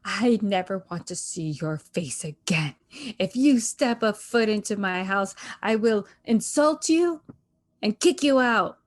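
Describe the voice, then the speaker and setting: A woman voicing a furious middle-aged mother disowning her son, in a loud and outraged tone. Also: on the high side, moderate pace, vocal fry, few pauses, no room sound.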